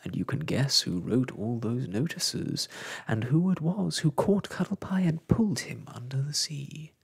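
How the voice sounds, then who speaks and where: A man reading a children's storybook in a soft-spoken ASMR style, slow and hushed. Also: mid-range voice, lively intonation, gravelly, breathy edge.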